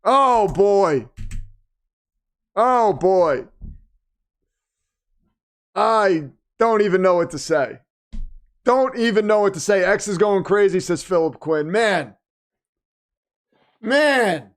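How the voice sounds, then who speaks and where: A man hosting a live watch party, reacting excitedly to the game and reading viewer comments aloud, his voice getting worn. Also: sits high, measured pace, long pauses. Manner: animated, exclaiming, reads chat aloud. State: losing his voice. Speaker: livestream host.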